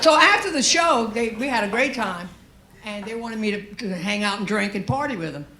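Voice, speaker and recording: A woman's voice: on the high side, lively intonation, moderate pace, sharp tone, slight background noise. A woman from Louisiana with a Cajun Southern accent, telling a brash, profane stand-up story on stage. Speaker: stand-up comedian. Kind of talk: stand-up comedy set. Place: comedy stage with live audience. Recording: roomy live venue with faint ambience.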